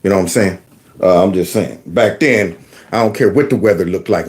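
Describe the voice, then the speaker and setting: A former teacher with a low-pitched, brisk voice hosts his own channel, delivering an animated, folksy rant of casual video commentary that slips into acted-out voices.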